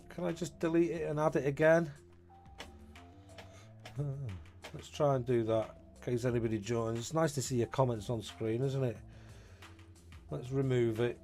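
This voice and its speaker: Chatty man live-streaming. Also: on the high side. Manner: chatty, reads out viewer comments, thinks aloud. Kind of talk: casual live stream chat.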